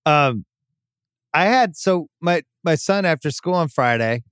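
A man's voice: a little high, animated, a little slow, a bit bright, clean tone, dry recording. A middle-aged man co-hosting a podcast, chatting casually with a dry, teasing humor. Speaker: podcast co-host. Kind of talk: casual chat.

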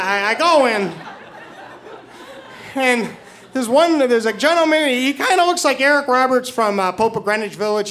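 Very high-voiced stammering man telling a story. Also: a bit bright. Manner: stammering, repeats words, chuckles through the telling. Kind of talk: personal storytelling to an audience.

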